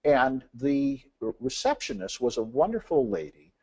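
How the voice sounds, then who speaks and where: A man's voice: mid-range voice, very animated, normal speed, creaky, darkish tone. A man giving a business presentation, telling anecdotes and acting out the dialogue, with frequent "uh" fillers.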